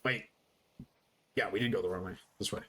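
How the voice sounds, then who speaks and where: Husky-voiced male game streamer. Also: fairly low pitch, fairly quick, bright, forceful tone. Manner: chatty, talks to chat while building. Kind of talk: casual live-stream gameplay commentary.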